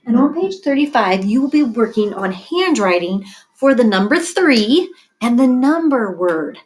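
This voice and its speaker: A woman teacher giving a phonics lesson to young children, sounding out each word slowly and clearly. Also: on the high side, sing-song, darkish tone, poor audio. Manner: slow, clear, sounds out words. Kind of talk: early reading phonics lesson.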